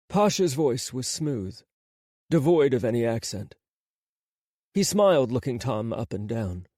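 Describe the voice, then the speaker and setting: A man narrating an audiobook in a measured, dramatic scripted delivery on a close studio microphone. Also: mid-range voice, animated, dark tone, dry recording.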